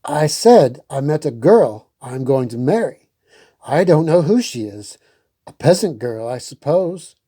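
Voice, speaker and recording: A woman voicing a cheerful, confident young prince who speaks calmly. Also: deep voice, measured pace, breathy edge, heavily acted. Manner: calm, easygoing.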